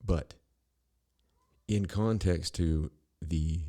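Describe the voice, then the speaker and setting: A man's voice: sits low, drawn-out words, mellow. A middle-aged man hosting a podcast, ranting in a rambling, profane, sarcastic monologue full of restarts. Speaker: podcast host.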